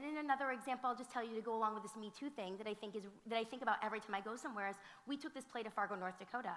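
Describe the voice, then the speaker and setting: A woman who teaches and directs theater, speaking on a panel and telling animated stories full of fillers and restarts. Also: on the high side, rapid-fire, hardly any pauses. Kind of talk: conversational storytelling at a conference. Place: museum auditorium. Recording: reverberant hall sound.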